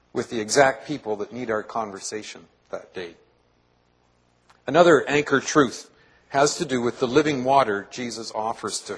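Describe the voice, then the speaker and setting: A man's voice: mid-range voice, fairly bright tone, husky, rough recording. A male pastor preaching a sermon to his congregation in a church, earnestly asking them questions.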